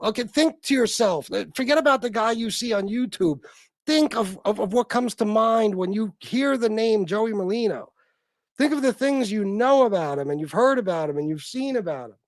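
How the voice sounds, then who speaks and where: A man's voice: very high voice, dry recording. A man hosting a livestream, reacting in a casual, profane, incredulous and exasperated way. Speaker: livestream host.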